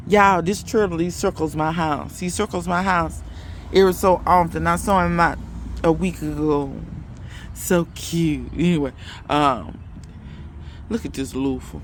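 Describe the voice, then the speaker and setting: Male gardening vlogger, folksy and chatty, a bit high-voiced, faint outdoor noise behind. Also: steady tone, a little slow. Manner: chatty, folksy, talks straight to viewers as y'all. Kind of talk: casual garden walkthrough vlog. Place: outdoors in a yard.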